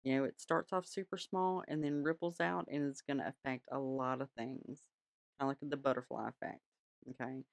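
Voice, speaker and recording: A woman's voice: extremely low pitch, steady tone, normal speed, creaky, no echo. A woman hosting her own podcast, talking casually and frankly from her home altar room, swearing now and then. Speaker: podcast host. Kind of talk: casual solo podcast talk.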